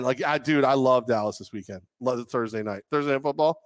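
A man's voice: mid-range voice, brisk, hardly any pauses, no room sound. Guy cohosting a sports show, jokey and rambling, dry close headset sound. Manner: jokey, rambling, bursts into loud mocking impressions. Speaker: sports talk co-host. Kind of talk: casual sports chat. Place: studio.

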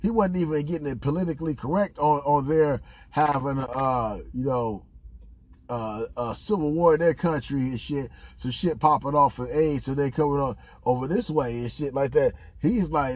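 A man with a high voice and a husky, breathy edge holds forth on a casual podcast. He tells a rambling, profane story, laughs often and jumps into exaggerated impressions of other people. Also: normal speed. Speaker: podcast host. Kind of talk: casual chat.

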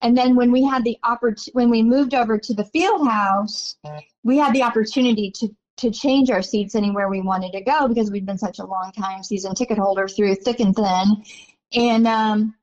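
Chatty older woman, slightly high voice, lo-fi audio. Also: fairly even intonation, moderate pace, a little mellow. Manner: chatty, rambling, full of "you know" fillers. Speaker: interview guest, longtime season ticket holder. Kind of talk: casual storytelling interview. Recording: dull lo-fi audio.

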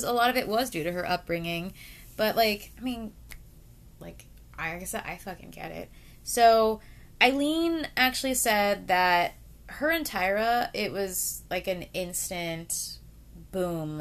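Chatty, swearing woman telling a true crime story. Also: mid-range voice. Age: 30s. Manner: chatty, swears freely, lots of fillers, talks straight to viewers. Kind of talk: casual storytelling to camera.

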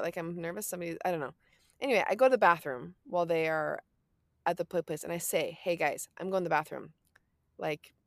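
Lively low-pitched woman, dry close sound. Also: no room sound. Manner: animated, filler-heavy storytelling. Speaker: podcast co-host. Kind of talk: casual storytelling chat.

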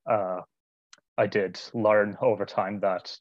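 Hesitant, low-voiced young man. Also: fairly even intonation, slow, dry recording. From United Kingdom. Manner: hesitant, frequent "uh" fillers. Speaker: interview guest. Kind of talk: casual conversational interview. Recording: dull lo-fi remote audio.

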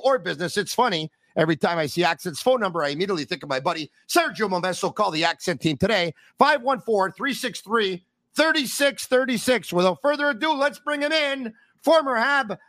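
A man hosting a sports podcast, talking with animated, theatrical energy and reading sponsor spots. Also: high-pitched, no room sound. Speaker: podcast host. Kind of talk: energetic sports talk and live ad reads.

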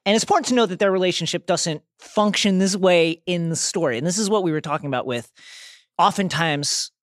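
A man co-hosting a podcast, talking about a series with emphatic, animated delivery and reading quotes aloud. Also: high-pitched, brisk, dry recording, clean studio sound. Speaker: podcast co-host. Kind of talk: casual pop-culture discussion.

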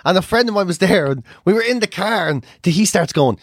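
An Irish man in his thirties, chatting on a comedy podcast with a slightly high voice that swings widely as he tells stories. He's animated and freely profane. The recording is close and dry. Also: a little fast, vocal fry, hardly any pauses, breathy edge, dry recording. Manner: animated, sweary storyteller. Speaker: podcast co-host. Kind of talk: casual comedic chat.

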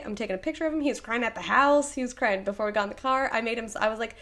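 A woman's voice: on the high side, very fast, hardly any pauses, a bit bright. A woman in her thirties co-hosting a podcast in casual chat, rambling and laughing often as she shakes off a cold. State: recovering from a cold. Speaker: podcast co-host.

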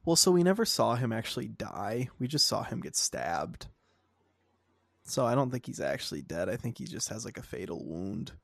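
A young man chats on a podcast, his voice gravelly with vocal fry. He gets heated and exasperated, ranting in a casual way. The sound is close and dry, with no room around it. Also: mid-range voice, big pitch swings, moderate pace, fairly bright tone, dry recording. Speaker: podcast co-host.

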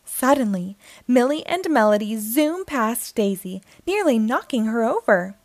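A woman reading a picture book aloud to children, expressive and sing-song. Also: on the high side, unhurried, few pauses, dry recording. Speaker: storyteller.

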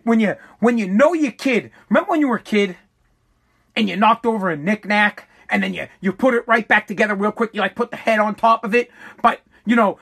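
A woman's voice: on the high side, a bit bright. A fired-up woman ranting about politics, swearing freely and dripping with sarcasm. Her delivery is heated, and she stumbles over repeated words as her anger builds. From United States. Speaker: political commentator. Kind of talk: angry political rant.

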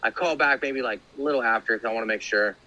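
A man's voice: quick pace, bright, forceful tone, highs cut off. Profane, rambling man telling a story. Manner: rambling, profane, many fillers and restarts; acts out quoted voices with big pitch jumps. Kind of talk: casual personal storytelling.

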